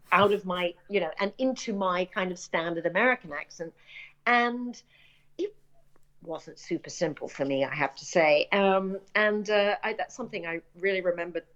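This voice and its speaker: Brief: middle-aged British woman, animated storyteller, slightly muffled lo-fi audio. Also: medium pitch. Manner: animated anecdotes, acts out quoted voices, laughs often. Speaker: actress and screenwriter, interview guest. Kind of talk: casual interview storytelling. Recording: dull lo-fi audio.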